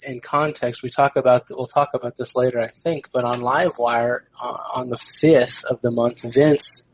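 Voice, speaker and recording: A man's voice: mid-range voice, fairly even intonation, moderate pace, slight background noise. A man talking as a guest on a podcast, making emphatic points and peppering them with "you know". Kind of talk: casual podcast discussion. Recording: dull lo-fi podcast audio.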